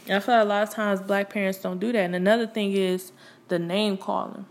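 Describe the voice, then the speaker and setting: A young woman in a loose, unscripted talk to camera, speaking from the gut. She is blunt and streetwise, swears freely, and keeps circling back with "you know" and "like" as she works out her thoughts. Her voice sits at an ordinary middle pitch. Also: fairly even intonation, fairly quick. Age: young adult. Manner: candid, blunt, and streetwise, with frequent profanity; conversational, with many fillers like "you know" and "like". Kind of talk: casual opinion monologue.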